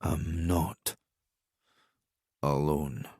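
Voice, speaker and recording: A man's voice: low voice, steady tone, unhurried, no room sound, studio quality. A man voicing a drugged, defiant British agent in an audiobook, murmuring weakly and stammering, half delirious.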